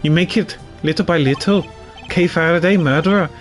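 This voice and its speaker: A man doing a condescending, gloating game villain, an older chairman who savours belittling his foe. The voice sits a touch high and is read over faint game music. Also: a little fast, lightly acted. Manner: condescending, taunting.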